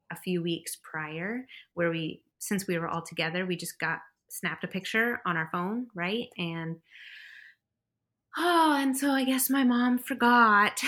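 A woman's voice: lowish voice, sharp tone. A young woman chattily telling the story of her labor, laughing often and acting out what others said. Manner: chatty, laughs often, acts out quoted voices. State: pregnant. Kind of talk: casual storytelling.

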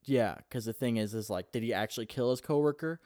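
A man's voice: medium pitch, fast, darkish tone, dry recording, studio quality. Young man swearing through a casual retelling. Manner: swears constantly, rambling retelling. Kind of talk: casual chat.

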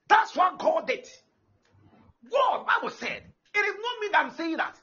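A man, preaching an animated sermon that breaks into shouting and laughter. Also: very high voice, measured pace. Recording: dull lo-fi live recording with faint noise.

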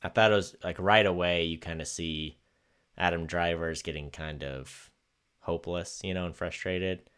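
A man's voice: sits low, fairly even intonation, normal speed, a bit bright, smooth. A man co-hosting a podcast in casual chat, talking in a rambling, laid-back way with plenty of fillers. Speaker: podcast co-host.

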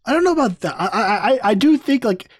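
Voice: mid-range voice, expressive, quick pace, no echo. Casual podcast host, dry close sound. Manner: casual, laughs mid-sentence. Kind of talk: casual podcast film discussion.

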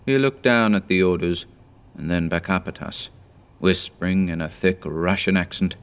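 A man in his thirties narrating a horror story in a measured, grave manner. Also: deep voice, smooth.

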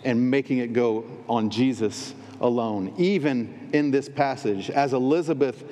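A man's voice: medium pitch, a little slow, mellow. A male pastor preaching a sermon with emphatic, repeated phrases in threes. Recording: long reverb in a large hall.

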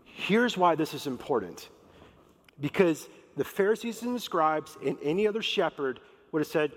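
A man's voice: a little high, expressive, normal speed. A man preaching a sermon in a conversational, emphatic way, acting out quotes. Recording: long reverb of a large hall.

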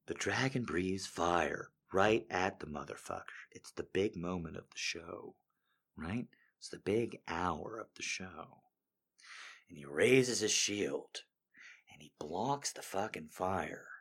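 A man rants in stand-up style, exasperated and profane, with a very bright voice. His pitch swings widely as he mocks what he describes in quick impressions. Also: lively intonation, slightly rough. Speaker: comedian. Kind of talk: stand-up rant.

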